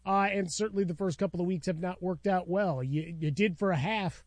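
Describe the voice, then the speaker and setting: A man's voice: high voice, fairly quick, no room sound. A man co-hosting a sports radio talk show, wry in his commentary.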